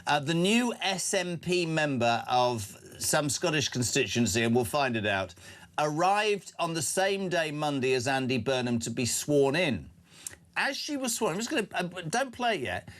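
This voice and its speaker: A man hosting breakfast talk radio, excitable and chatty, tripping over his words. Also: fairly high pitch, normal speed. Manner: excitable, chatty, stumbling restarts. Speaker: radio host.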